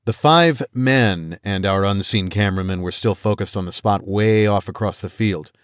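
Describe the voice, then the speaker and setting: A man with a very low voice narrates an audiobook in the first person, measured and steady. The recording is dry and close, with no room sound around him. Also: smooth, dry recording. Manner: measured storytelling, voices quoted characters.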